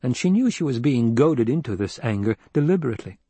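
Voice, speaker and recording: A man narrating an audiobook in a measured, even storytelling manner with a husky voice. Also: mid-range voice, dry recording. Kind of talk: scripted narration.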